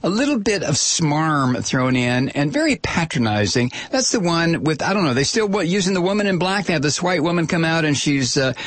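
A man's voice: fairly high pitch, sing-song, fairly quick, hardly any pauses, a bit bright, dry recording. A man delivering a rambling, profane political commentary monologue with plenty of digressions.

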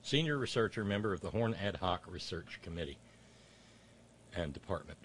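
A man's voice: sits low, lively intonation, moderate pace, slight background noise. A man hosting political commentary, mocking clips with sarcastic asides and rising rants.

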